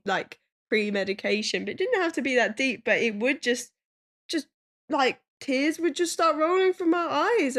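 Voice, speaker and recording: A young woman appearing as a podcast guest, speaking in a reflective, hesitant way full of fillers. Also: fairly high pitch. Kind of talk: casual podcast chat.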